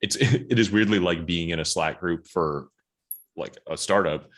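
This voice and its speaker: A man's voice: low-pitched, unhurried. A man hosting a podcast interview, asking questions in a loose, rambling way. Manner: easygoing, rambling, frequent likes. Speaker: podcast host.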